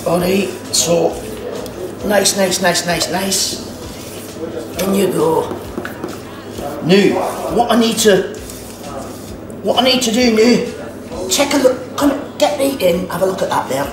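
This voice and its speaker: Hosting a casual cooking demonstration in an activity centre's kitchen, a man with a Scottish accent chats along, sprinkling in "aye" and "all right." He sounds high-pitched and animated, speaking at a measured pace with long pauses. Crowd noise and background music fill the echoey room, and the mic is placed far away.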